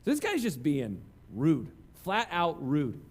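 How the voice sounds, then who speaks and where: A man's voice: a little high, huge pitch swings, slow pace, breathy edge. A man preaching a conversational sermon, telling self-deprecating stories. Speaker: pastor.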